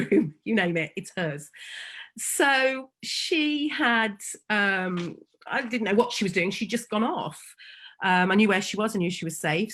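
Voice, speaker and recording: A woman, a foster carer telling a heartfelt personal story, slow and emotional with frequent pauses. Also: mid-range voice, a bit bright. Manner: slow and emotional, pausing often.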